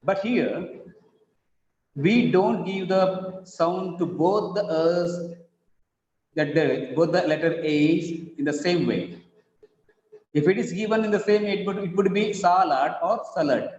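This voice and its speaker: A man with an Indian English accent teaching an English class, explaining slowly, repeating key words and asking the class questions. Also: high voice, a little mellow. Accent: Indian English, Kannada-speaking. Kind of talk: classroom lecture. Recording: echoey classroom, dull lo-fi sound.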